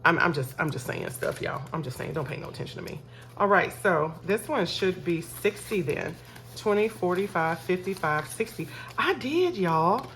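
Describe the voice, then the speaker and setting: A woman's voice: fairly low pitch, lively intonation, moderate pace, a bit bright, slight background noise. Chatty woman counting cash aloud. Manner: chatty, talks to viewers as y'all, counts aloud. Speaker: budgeting vlogger. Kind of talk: casual chat while counting cash.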